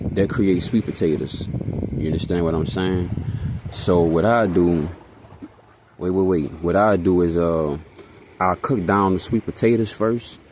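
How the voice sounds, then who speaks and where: A man's voice: sits low, noisy background. A young man from Hawaii telling rambling, profane, slangy stories in a casual vlog, constantly checking in with his listeners. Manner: rambling, slangy, profane, keeps checking in with "you know what I'm saying". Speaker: vlogger. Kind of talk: casual storytelling monologue.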